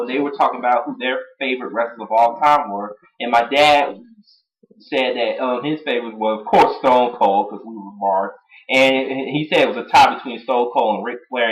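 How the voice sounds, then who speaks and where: A young man from Atlanta giving excited, casual fan commentary, often laughing as he retells moments. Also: mid-range voice, low-quality recording. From Atlanta, United States. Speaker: wrestling fan vlogger.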